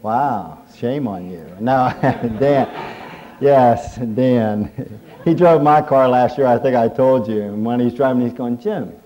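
A man's voice: mid-range voice, slow pace, muffled recording. A middle-aged man preaching a humorous sermon, telling folksy stories and jokes as he talks. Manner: folksy storytelling with jokes and chuckles. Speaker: pastor.

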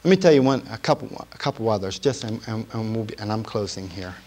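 A man giving a sermon testimony to a congregation, telling his story in a storytelling way that drops to a hush and then rises to emphasis. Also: fairly low pitch, lively intonation, fast. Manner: storytelling, swinging from hushed to emphatic.

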